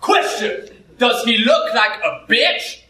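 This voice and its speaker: A man's voice: very high-pitched, lively intonation, slow pace, sharp tone, distant mic, heavily acted. A man doing a brash swearing movie gangster. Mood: swaggering. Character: swaggering foul-mouthed male movie gangster. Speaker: improv performer. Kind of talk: improvised comedy scene. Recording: roomy stage sound from afar.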